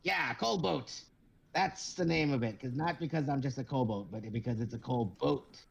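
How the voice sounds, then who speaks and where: A man's voice: medium pitch, vocal fry, slightly rough. A man voicing a short, bumbling male kobold sea captain who boasts and chuckles, in a tabletop game. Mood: pleased. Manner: boastful, chuckling, drawn-out goofy delivery.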